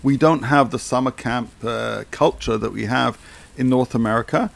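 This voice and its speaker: A man, co-hosting a casual podcast chat and explaining things in a measured way. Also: medium pitch, gravelly. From Britain. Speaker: podcast co-host.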